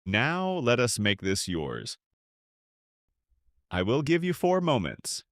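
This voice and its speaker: A man teaching beginner English in a slow, clear, scripted way, pausing so listeners can repeat. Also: mid-range voice, wildly swooping pitch, dry recording, clean studio sound. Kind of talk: slow scripted lesson for learners.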